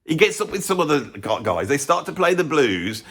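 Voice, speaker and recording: A man's voice: fairly high pitch, big pitch swings, moderate pace, fairly bright tone, breathy edge. A man hosting a music channel, ranting his blunt opinions in casual talk to camera with chuckling asides.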